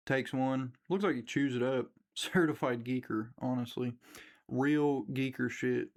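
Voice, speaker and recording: A man's voice: mid-range voice, a little slow. A man in a casual, profane rant about a movie, using lots of slang and swearing, and acting out the characters' lines as he retells them. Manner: slangy, swears constantly, acts out quotes. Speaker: movie reviewer.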